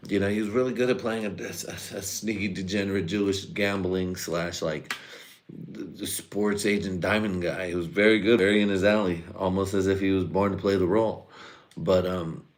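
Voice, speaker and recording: A man with a very low, deep voice runs a loose, profane comedy monologue on a live stream. He speaks, rambles from one riff to the next, and keeps breaking into mock voices and chuckles. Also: fairly even intonation, normal speed.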